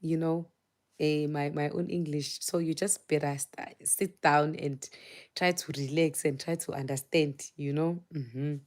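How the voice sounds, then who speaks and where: A woman's voice: sits low, steady tone, unhurried, darkish tone. A South African woman with a Zulu accent, a native Zulu speaker, chatting casually and with lots of energy to viewers on a live phone stream and mixing in Zulu words.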